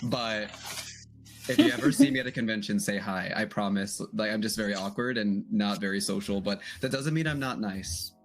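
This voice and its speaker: Hesitant low-voiced man. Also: very animated, normal speed, soft background music. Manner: soft, hesitant, self-deprecating. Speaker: streamer and podcast guest. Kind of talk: casual panel chat.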